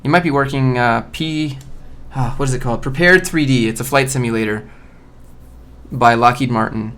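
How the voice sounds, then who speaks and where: A man's voice: medium pitch, normal speed, fairly bright tone. A man on a casual live stream who reads job listings aloud and riffs on them in a blunt, joking way. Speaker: streamer reviewing job postings.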